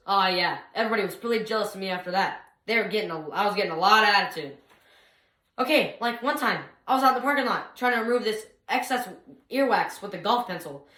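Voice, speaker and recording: A young woman performing a comic monologue at a speech contest, animated and swinging from loud bursts to hushed asides. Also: mid-range voice. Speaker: speech competitor. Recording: roomy echo.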